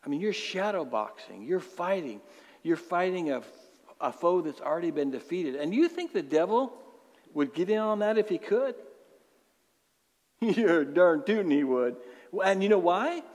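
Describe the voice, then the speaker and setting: A man's voice: sits high, very animated, measured pace, darkish tone. A male pastor preaching a sermon, emphatic, repeating words for stress and acting out inner voices. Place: church sanctuary. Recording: long hall reverb.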